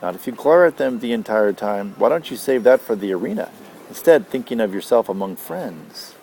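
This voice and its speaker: A man's voice: on the low side, lively intonation, moderate pace, vocal fry, warm tone, slight background noise. A man reading aloud and voicing a fussy, prim woman who coaches etiquette, chirpy and scolding. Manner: chirpy, scolding, forced sweetness.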